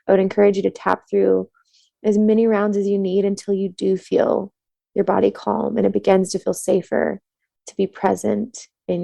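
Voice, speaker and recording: A woman coaching a listener through a tapping exercise in a calm, soothing, slow voice, then explaining her practice. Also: mid-range voice, creaky, no room sound. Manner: gentle affirming murmurs while listening. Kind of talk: guided tapping meditation and interview answers.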